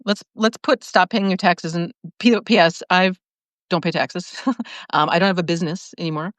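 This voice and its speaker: Woman chatting on a live stream, lowish voice, laughs a lot, dry close sound. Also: moderate pace, no room sound. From lived in Chicago, now in California. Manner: animated, laughs often, restarts sentences. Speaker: host reading viewer comments. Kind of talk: casual live-stream talk.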